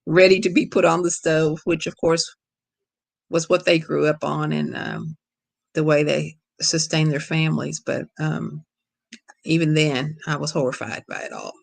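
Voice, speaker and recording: A middle-aged woman from Kentucky with a Kentucky accent, an author answering questions over a video call in a relaxed, storytelling way. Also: low voice, a little slow, vocal fry. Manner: relaxed, storytelling, laughs easily. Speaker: guest author. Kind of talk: casual lecture Q&A.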